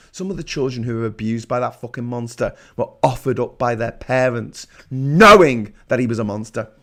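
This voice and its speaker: A man hosting a political livestream, reading chat messages and ranting sarcastically, swinging between loud outbursts and low muttering. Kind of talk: ranting live-stream commentary reading chat.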